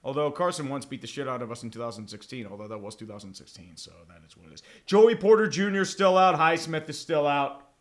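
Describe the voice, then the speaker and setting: A man's voice: fairly high pitch, fast. A young man casually chatting and joking through a live sports watch-along, profane and rambling with dramatic swings. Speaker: livestream host.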